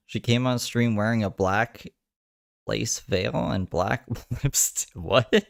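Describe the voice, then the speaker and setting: A man's voice: medium pitch, takes it slowly, gravelly, no echo, studio quality. A man giving casual, sarcastic commentary while reacting to another streamer's live broadcast, laughing often.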